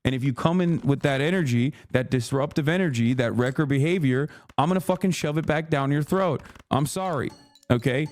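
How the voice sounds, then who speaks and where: A man's voice: a little high, fairly quick, darkish tone. A man streamer ranting heatedly at his chat, swearing a lot and mocking people in a sarcastic put-on tone. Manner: angry, swearing, sarcastic mock quoting. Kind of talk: heated profane rant to chat.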